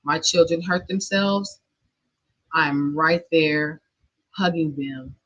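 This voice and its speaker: A middle-aged woman speaks into a lo-fi, muffled recording. Her voice is sharp and bright but husky, and she tells her own story in an earnest, emotional monologue with nervous little laughs. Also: low-pitched, slow. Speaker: podcast host. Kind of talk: personal monologue. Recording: dull lo-fi recording.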